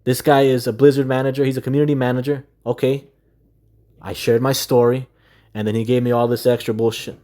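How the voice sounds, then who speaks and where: A man's voice: medium pitch, level tone, brisk, dark tone. A man delivering an aggrieved, exasperated rant to camera, swearing often and hammering the same rhetorical questions. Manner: profane, repetitive rhetorical questions. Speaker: gaming video creator. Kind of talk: ranting monologue to camera.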